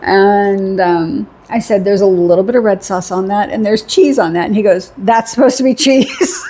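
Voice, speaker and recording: A woman's voice: mid-range voice, steady tone, normal speed, dark tone, a little hiss or hum. A middle-aged woman telling a rambling story in a casual vlog, chatty, laughing often and repeating phrases for emphasis. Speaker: vlogger.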